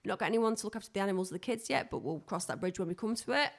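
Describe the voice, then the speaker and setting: A woman's voice: medium pitch, lively intonation, very fast, creaky. A woman co-hosting a podcast in casual chat, dry and teasing, poking fun at herself. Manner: dry, teasing, self-mocking. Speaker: podcast co-host.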